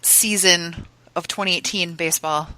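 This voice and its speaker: A woman co-hosting a podcast, amused and chiming in with quick remarks during casual banter. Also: on the low side, fairly even intonation, crowd noise, poor audio. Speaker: podcast co-host.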